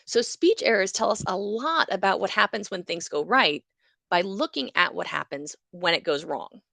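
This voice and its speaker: A woman who is a university psychology lecturer, explaining everyday speech errors in a lively way and acting out examples. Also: medium pitch, normal speed, gravelly, dry recording. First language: English.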